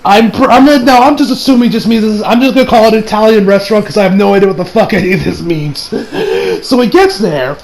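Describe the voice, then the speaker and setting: High-voiced American man rambling casually. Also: sing-song, fast, few pauses, a little hiss or hum, low-quality recording. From United States. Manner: rambling, profane, many fillers and restarts. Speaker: anime reviewer. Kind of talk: casual episode recap.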